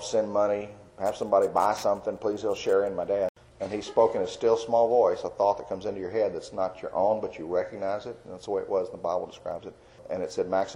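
Middle-aged man, from Texas, mellow and fairly low voice, folksy testimony, chuckles between thoughts. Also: poor audio. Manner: folksy storytelling with chuckles and restarts. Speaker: Christian artist giving testimony. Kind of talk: personal testimony.

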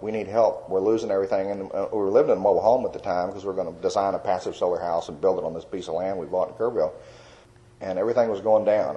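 A man's voice: fairly low pitch, mellow, lo-fi sound. An older man tells his faith testimony in a folksy, rambling way, full of fillers. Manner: folksy storyteller with many fillers. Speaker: Christian artist telling his testimony. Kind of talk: personal testimony.

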